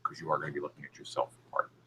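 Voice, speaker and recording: A man running a video shoot, giving brisk, directive setup instructions to the people on camera. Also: rumbling low, little pitch movement, sharp tone, a little hiss or hum.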